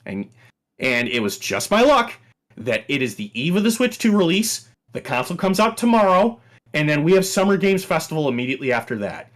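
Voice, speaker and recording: Animated man host laying down rules. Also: on the high side, brisk. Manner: animated, firm moderator. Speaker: show host. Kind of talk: talk-show host address.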